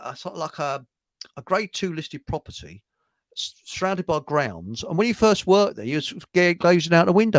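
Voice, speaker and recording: A man's voice: a little high, dry recording. Chatty man hosting an online show. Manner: chatty, rambling, laughs at own jokes. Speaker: show host. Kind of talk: casual chat show, telling jokes.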